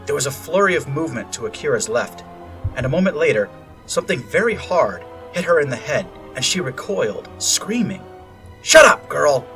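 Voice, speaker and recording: A man narrating a story aloud in a steady, measured storytelling voice. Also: mid-range voice, distant mic.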